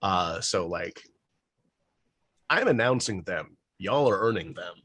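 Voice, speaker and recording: A man's voice: low-pitched, lively intonation, slow, a bit bright, husky, no room sound. A man running a tabletop game as game master, casual and swearing freely.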